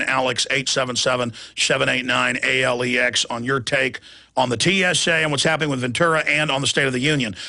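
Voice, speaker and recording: A fired-up man hosting live talk radio, his voice high and gravelly with a sharp, forceful edge. He rants with mounting outrage and mocks his opponents, mimicking their laughter. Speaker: radio talk show host.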